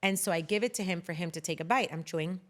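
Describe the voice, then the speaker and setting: Guesting on a podcast, this thirtysomething woman chats away as a lively storyteller who curses casually and mixes Spanish words into her English. She talks quickly in a fairly low voice.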